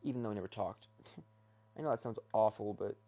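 A man's voice: on the low side, a little fast, mellow. Rambling young man ranting in his bedroom. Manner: meandering, hesitant, full of restarts and fillers. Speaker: vlogger. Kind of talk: casual rambling rant.

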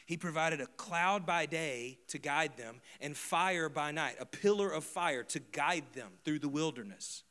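A man's voice: fairly high pitch, a little slow, few pauses. Preaching man with a swinging delivery. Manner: swings from quiet, close asides to loud emphatic repetition. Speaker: pastor. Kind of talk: sermon. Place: church service before a congregation.

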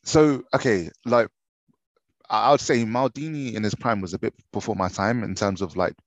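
Deep-voiced young man chatting casually. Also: normal speed, no room sound. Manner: relaxed, laughing, hesitant restarts. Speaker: podcast co-host. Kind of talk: casual football chat.

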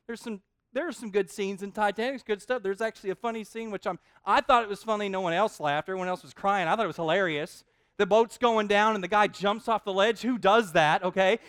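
High-voiced animated man preaching. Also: dry recording, clean studio sound. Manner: animated, joking asides, repeats words. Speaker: pastor. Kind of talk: sermon.

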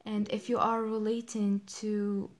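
A young woman hosting a podcast, talking through a personal reflective monologue in an emotional, halting way with many fillers and restarts. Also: mid-range voice, flat delivery. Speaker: podcast host.

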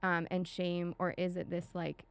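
A young woman pastor, a guest on a faith podcast, speaking gently and reflectively with many likes and ums. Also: fairly low pitch, completely flat delivery, measured pace, vocal fry, clean tone. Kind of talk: casual faith podcast chat.

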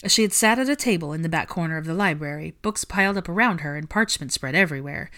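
A woman with a low voice reads a chapter of a storybook aloud as an audiobook reader. She narrates calmly and evenly, keeping a steady pace from line to line.

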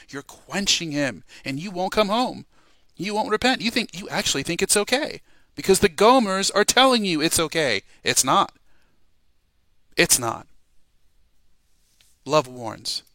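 A man's voice: on the high side, lively intonation, normal speed, bright, forceful tone, no echo. A man preaching an urgent warning sermon, repeating himself and exhorting listeners to repent. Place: home, podcast voice message.

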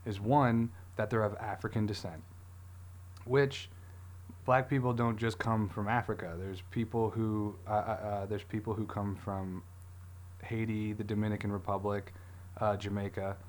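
Halting, rambling male podcast co-host. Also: lowish voice, flat delivery, darkish tone. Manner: rambling, halting, many restarts and fillers. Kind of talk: casual podcast chat.

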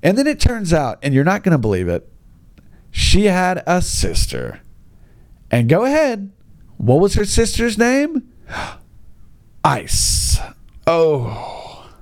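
A man's voice: high-pitched, huge pitch swings, a little slow, long pauses, darkish tone. An American man who teaches English, telling an exasperated, sarcastic comic rant and acting out other people's voices. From United States. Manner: exasperated, sarcastic, acts out voices of kids and parents. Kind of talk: stand-up style comic rant.

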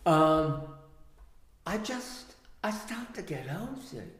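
A man's voice: on the high side, slow. Older man telling stories, echoey room. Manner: animated, acts out quoted voices. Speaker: guest, writer and actor. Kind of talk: anecdotal storytelling. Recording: echoey room with long reverb.

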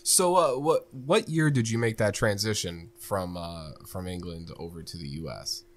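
A man's voice: lowish voice, normal speed. A man hosting a podcast, asking playful questions in casual chat. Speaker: podcast host. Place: indoor podcast room.

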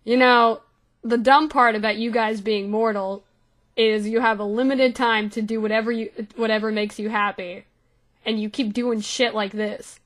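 A blunt, impatient adventurer lectures and threatens in a tabletop game, played by a woman. The tone is bright and forceful, a little high, close to the player's own voice. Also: fairly even intonation, moderate pace, natural voice. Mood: threatening.

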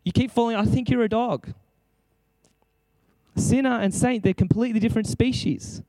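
A man's voice: extremely high pitch, normal speed, warm tone, no echo. A man preaching an impassioned sermon, exclaiming and acting out prayers as he speaks.

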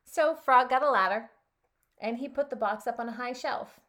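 A health coach reading a children's story aloud and then commenting on it in an animated way, with frequent laughs. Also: female voice, on the high side, normal speed.

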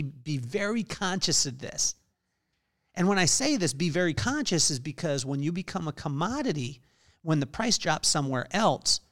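Guy doing a solo podcast, upbeat and chatty, slightly higher voice, studio mic. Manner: energetic, conversational storytelling with quoted dialogue. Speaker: podcast host.

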